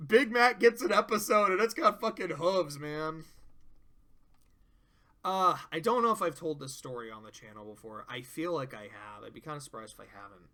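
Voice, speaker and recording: A young man casually reviewing a cartoon episode, talking in a loose, animated way and swearing freely. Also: on the high side, normal speed.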